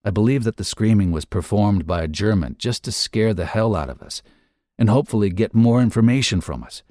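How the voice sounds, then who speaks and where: Somber low-voiced man reading a memoir. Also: a little mellow, dry recording, studio quality. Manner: measured and somber. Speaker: podcast narrator. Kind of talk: scripted first-person memoir reading.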